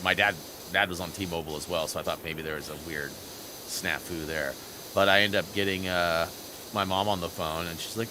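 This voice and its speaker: A man's voice: sits low, a little fast, noisy background. A man hosting a gaming channel, telling rambling stories over gameplay into a headset mic, reading chat as he goes. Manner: rambling storyteller, animated, reads chat aloud. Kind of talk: chatty gameplay commentary.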